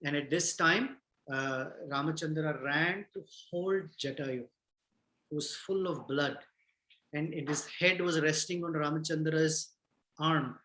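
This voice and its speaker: A man retelling a scripture story in a class, gentle and halting, with many fillers and restarts. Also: on the high side, echoey room, a little hiss or hum, rough recording. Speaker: storyteller teacher.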